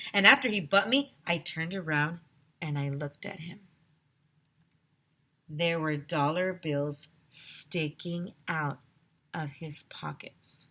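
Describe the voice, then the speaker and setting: A woman's voice: lowish voice, sharp tone. A woman teacher reading a children's chapter book aloud to young listeners, telling it expressively with many voices.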